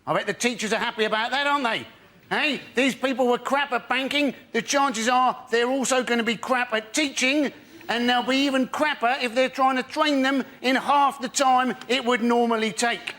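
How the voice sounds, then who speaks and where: Male comic, punchy rant, very high and bright. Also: moderate pace. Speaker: panelist. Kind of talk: stand-up routine.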